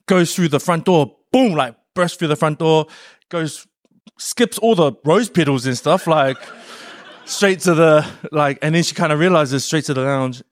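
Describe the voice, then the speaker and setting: A man, a professional rugby player, telling an animated story in an interview with lots of laughs and fillers. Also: a little high, measured pace, no room sound, clean studio sound.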